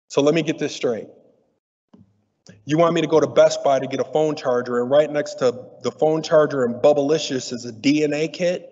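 A middle-aged man giving a lively, teasing conference talk to an audience. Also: fairly high pitch. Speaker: diversity speaker. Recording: muffled audio in a reverberant hall.

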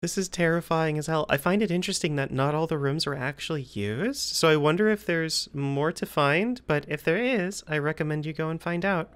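A woman's voice: deep voice, fairly quick, hardly any pauses, clear, resonant tone. A young woman giving nervous, joking commentary while playing a horror game, often repeating herself. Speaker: gaming video creator.

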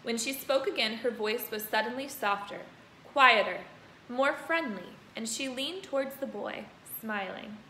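A woman teacher reading a children's book aloud, pausing to point out the pictures. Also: on the high side, pushed and bright. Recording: roomy echo, faint noise.

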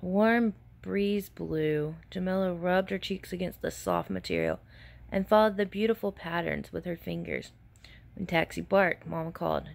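Woman teacher reading a storybook to kids, low gravelly voice, stops to ask questions. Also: very animated, moderate pace. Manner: asks the children questions between pages. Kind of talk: reading a picture book to children.

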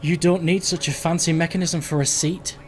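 A man's voice: a little high, fairly even intonation, normal speed, slight background noise. A man casually narrating his own video game play, musing aloud and rambling. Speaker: gaming video host. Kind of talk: casual let's play commentary.

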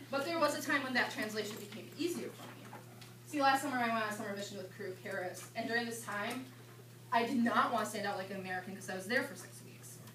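A young woman in her twenties, a campus ministry intern, leading an informal seminar with chatty, animated storytelling. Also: medium pitch. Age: 20s. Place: indoor meeting room at a retreat. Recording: echoey room, mic far off, background hum.

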